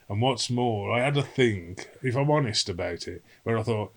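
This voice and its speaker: Older bloke, deep voice, a guest spinning long salty anecdotes. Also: male voice, brisk, poor audio. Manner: rambling storyteller, salty swearing, acts out quotes. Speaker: interview guest, singer. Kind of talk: casual anecdotal interview.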